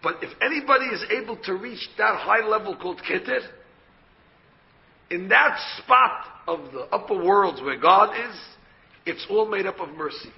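A man's voice: sits high, lively intonation, moderate pace, vocal fry, lo-fi sound. A man, a rabbi, giving a Torah lecture and explaining by asking questions and answering them himself. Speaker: rabbi teaching a Torah class.

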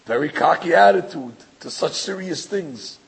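A man's voice: fairly high pitch, lively intonation, moderate pace, vocal fry, breathy edge, rough recording. A man, a rabbi giving a religious lecture, talking emphatically and rhetorically, stammering into restarts and acting out other people's voices. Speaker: rabbi teaching a class.

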